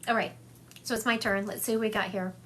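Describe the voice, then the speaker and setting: A woman's voice: medium pitch, fairly even intonation, quick pace, bright, forceful tone, slight background noise. A woman psychic medium giving a chatty livestream reading, relaying and acting out spirit messages for her viewers. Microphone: phone livestream.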